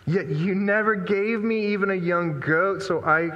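An indignant elder brother airs his grievance, his voice climbing high and pressing each complaint hard, as a preacher acts him out. The words ring through a hall with a long, trailing reverb. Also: unhurried, lo-fi sound. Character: resentful young adult elder brother, indignant.

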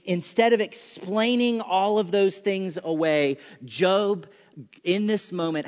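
A man preaching a chapel sermon in a conversational style, firing off punchy rhetorical questions with sarcastic asides. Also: high-pitched. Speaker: chapel speaker. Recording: reverberant hall, dull sound.

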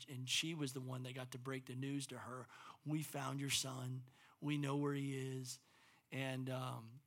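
A middle-aged pastor delivering a sermon, swinging from loud, intense preaching to quiet, personal storytelling. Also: male voice, mid-range voice.

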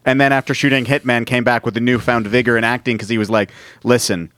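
A man hosting a podcast in casual chat, an animated storyteller who drops into quick voices for the people he quotes. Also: medium pitch, clean tone, no room sound, studio quality. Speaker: podcast host.

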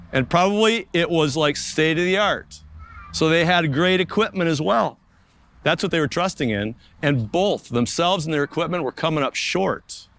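A young man preaching a sermon outdoors in a park. His voice sits a little high for a man, and he talks earnestly, stretching out key words with slow pauses. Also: fairly bright tone. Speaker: pastor.

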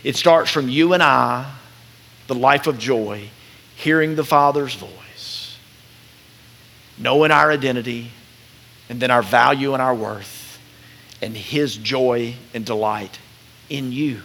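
A man preaching a sermon as pastor, animated as he acts out quoted voices and dropping soft and slow at tender points. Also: medium pitch, vocal fry.

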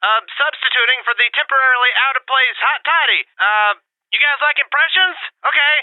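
A man's voice: extremely high pitch, fairly quick, dry recording, phone-quality sound. A man voicing a nervous, stammering sidekick in a comedy podcast skit. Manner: nervous, hesitant, stammering fillers. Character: nervous young male sidekick Ollie.

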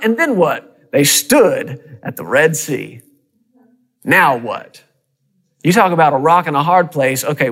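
A man preaching a sermon with a slightly high voice. He speaks in an animated style, surging into quick excited runs and then falling to near-whispers. His delivery is dramatic. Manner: animated preaching with quick bursts and sudden drops to a hush. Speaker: pastor.

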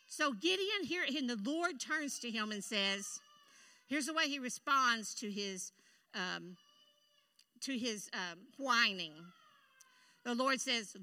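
A woman preaching a sermon in a church, emphatic and animated, with quick asides to the congregation. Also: on the high side. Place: church sanctuary.

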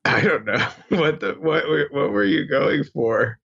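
A man's voice: on the high side, lively intonation, a little slow, gravelly, a bit bright, breathy edge, dull audio. A man co-hosting a podcast who teases his partner and laughs easily in casual banter. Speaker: podcast co-host.

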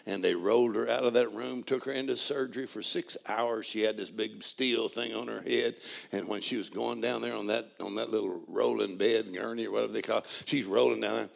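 Gravelly-voiced man preaching with fervor. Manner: call-and-response preaching, swings from low murmurs to shouted praise. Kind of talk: sermon.

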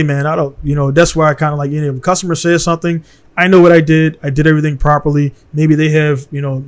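A man from Baltimore hosting a casual podcast conversation in a studio. He talks in a blunt, heated way and keeps tossing in "man". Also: on the high side. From Baltimore, USA.

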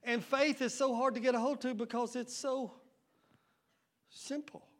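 Fervent pastor, male, bright piercing voice, preaching style. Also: very high voice, steady tone, unhurried. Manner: shouting, fervent preaching with call-and-response. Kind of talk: sermon.

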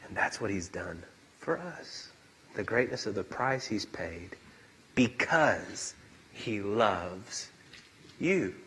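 A male pastor preaching a sermon in a church, emphatic and animated, acting out quotes. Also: lowish voice, takes it slowly, pauses often, a little hiss or hum, poor audio.

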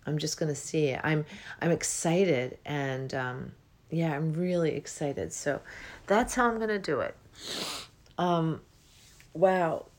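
Low-voiced woman musing on healing. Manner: unhurried, reflective, with many ums and yawns. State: yawning. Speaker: spiritual healing coach. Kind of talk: casual spiritual talk.

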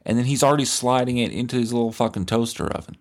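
A man hosting a comedy podcast, telling a crude, deadpan, rambling comic story. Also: mid-range voice, fast.

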